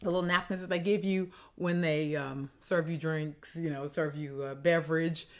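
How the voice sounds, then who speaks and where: A woman composer and choir conductor, explaining her choral piece in a lively, conversational, demonstrative way. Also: low-pitched, normal speed, hardly any pauses, slight background noise.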